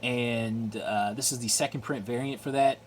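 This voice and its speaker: A mid-range male voice, fairly even in intonation and normal in speed, walks through a comic book haul for a casual video. He's talkative and repetitive, padding pauses with "uh" and "like," and there's slight background noise.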